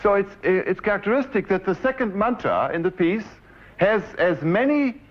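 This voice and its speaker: A German-accented composer in his forties, with a high, animated voice and a moderate pace, lectures on his piece step by step, directing the players and now and then humming phrases. The live musical demonstration comes through a dull 1970s lecture recording, with faint piano music behind him.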